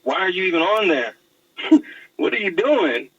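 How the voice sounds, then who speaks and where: A man's voice: high-pitched, big pitch swings, normal speed, a bit bright, husky, no echo. A man appearing as a guest, ranting in casual chat and cursing freely. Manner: ranting, profane. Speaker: guest host. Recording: distant muffled phone-like line.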